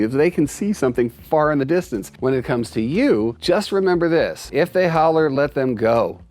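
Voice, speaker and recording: Animated man explaining to camera. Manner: animated, acts out cats' voices in high pitch. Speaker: cat behaviorist. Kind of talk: casual explanatory talk to camera.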